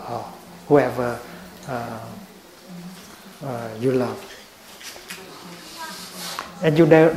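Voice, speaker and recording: Gentle older man, slow roomy talk. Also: mid-range voice. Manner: slow and gentle, with long pauses. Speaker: Buddhist teacher. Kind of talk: dharma talk. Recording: roomy echo.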